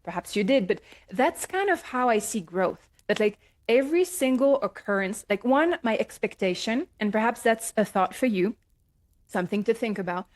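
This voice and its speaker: Gentle reflective woman coach. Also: fairly high pitch, animated, moderate pace. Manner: gentle, reflective, many "right?" and "um" fillers. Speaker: life coach. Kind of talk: casual advice talk.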